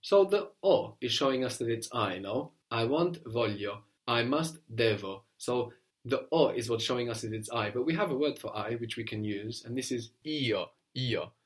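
A man teaching a spoken language lesson, explaining patiently and repeating words slowly for his student. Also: mid-range voice, expressive.

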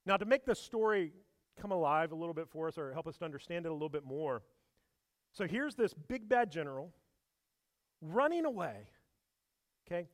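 Preacher guy, kinda high voice, lively storytelling with lots of questions, dry close sound. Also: no room sound. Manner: animated storytelling with rhetorical questions. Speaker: pastor. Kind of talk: sermon.

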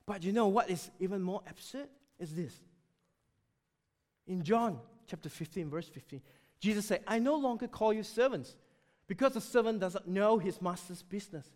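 Animated, high-voiced male preacher. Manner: animated, emphatic preaching with sudden drops to quiet. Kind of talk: sermon.

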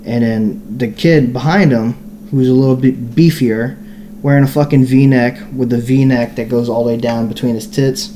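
A man's voice: mid-range voice, steady tone, normal speed, warm tone, slight background noise. A young man co-hosting a podcast, telling a long story in a casual, profane, rambling way full of fillers. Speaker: podcast co-host.

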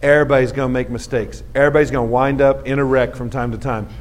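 A middle-aged man giving an animated motivational talk, telling stories and leading the audience in call-and-response. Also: mid-range voice, quick pace. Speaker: motivational speaker. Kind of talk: storytelling talk to a live audience. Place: stage before a live audience.

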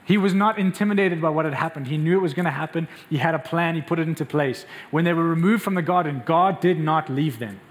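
A man's voice: fast talker, hardly any pauses. A man preaching a sermon as a pastor, asking the congregation questions and acting out the lines he quotes. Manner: acts out quoted voices with raised pitch, asks the crowd questions.

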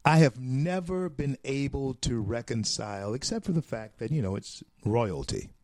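A man from the United States hosting a talk show, delivering a folksy, preachy opinion monologue with drawn-out emphatic phrases. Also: mid-range voice, very animated, darkish tone, dry recording, studio quality.

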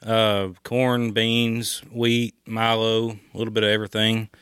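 A man's voice: on the low side, completely flat delivery, measured pace, a bit bright, clean tone, no room sound, studio quality. A man in his thirties from Texas, a farmer guest speaking politely and plainly in a casual interview. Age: 30s. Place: hunting camp.

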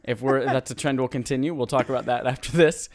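A man's voice: medium pitch, steady tone, quick pace. A man hosting a gaming podcast in casual chat, joking and rambling playfully. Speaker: podcast host.

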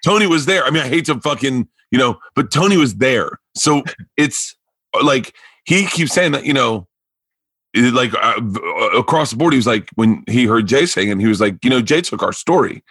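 This man's mid-range, breathy-edged voice moves at a moderate pace while he tells casual stories as a comedian guest. Animated and prone to stammering restarts, he acts out the people he quotes, and the recording is dry.

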